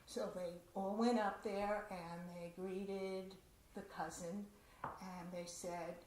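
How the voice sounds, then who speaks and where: A woman storyteller telling a personal family story in a conversational, animated way. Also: mid-range voice, takes it slowly, slight background noise. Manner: conversational, animated, laughs often. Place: community center hall. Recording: roomy hall echo, faint ambience.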